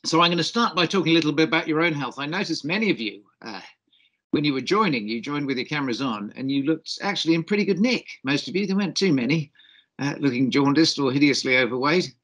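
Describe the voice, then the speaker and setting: A man's voice: on the high side, lively intonation, quick pace, fairly bright tone. A middle-aged man with a faint Australian twang, giving a cheeky, jokey conference keynote as a doctor over a video call. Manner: cheeky, jokey, self-deprecating.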